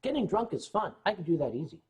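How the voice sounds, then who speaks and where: A man hosting a livestream, telling a long anecdote in a lively way and clearing his throat often between beats. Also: high-pitched, fast talker. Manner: animated retelling with shifting loudness. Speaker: livestream host. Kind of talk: anecdotal storytelling.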